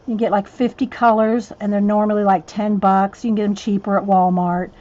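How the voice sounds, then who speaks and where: A woman's voice: mid-range voice, little pitch movement, fairly quick, warm tone, muffled recording. A woman, chatting casually with live-stream viewers at home, a little out of breath, greeting them by name. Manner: chatty, addresses viewers by name, drawls "y'all". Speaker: host of a craft live stream.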